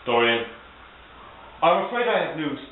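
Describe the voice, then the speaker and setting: An earnest, protective friend , played by a man, speaks solemnly, and his pitch moves a lot. It is recorded in an echoing room. The sound is thin and phone-like, with a faint hiss. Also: sing-song, unhurried. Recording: echoey, tinny and lo-fi with hiss.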